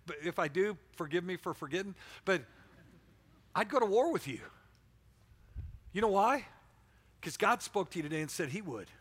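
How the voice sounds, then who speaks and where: A man's voice: high voice, lively intonation, moderate pace, pauses often, breathy edge. A man preaching a fervent sermon as pastor, with frequent restarts, calling on people in the room. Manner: fervent, repetitive restarts, calls on listeners by name. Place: church sanctuary.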